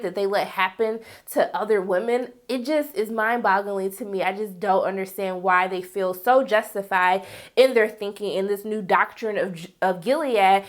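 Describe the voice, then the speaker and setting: Sassy, animated woman recapping a show. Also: a little high. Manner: animated, sassy, acts out characters in raised voice. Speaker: TV show reviewer. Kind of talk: casual recap and commentary.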